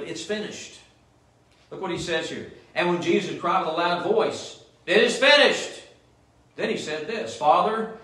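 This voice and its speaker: In an echoey church sanctuary, captured by a far-off microphone, a male pastor delivers a sermon and often asks the congregation "Amen?" His voice sits on the high side and sounds a bit bright.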